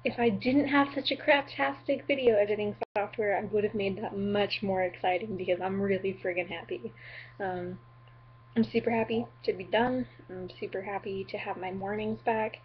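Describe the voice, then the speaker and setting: A woman's voice: medium pitch, fairly even intonation, normal speed, muffled recording, a little hiss or hum. A young woman from the Upper Midwest chatting in a goofy, apologetic, rambling way on her vlog, full of ums and likes. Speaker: vlogger.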